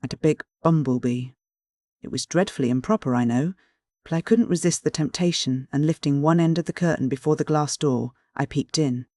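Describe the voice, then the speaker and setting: A man reading a classic novel aloud as an audiobook narrator, in even, clear first-person storytelling. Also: fairly high pitch, fairly quick, dry recording.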